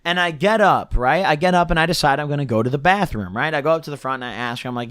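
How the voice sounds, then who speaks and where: A man's voice: on the high side, fast, hardly any pauses, fairly bright tone, clear, resonant tone, dry recording, studio quality. A young man telling a long story to the camera, casual and slangy, rambling with constant filler words, his throat a bit scratchy. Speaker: storyteller vlogger.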